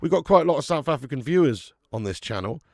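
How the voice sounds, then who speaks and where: Man, watch-along host, gravelly and a touch high, dry close sound, chatty and sweary. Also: animated, quick pace, a little mellow, no echo. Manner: chatty, swears, laughs, greets chat viewers. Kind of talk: live football watch-along commentary.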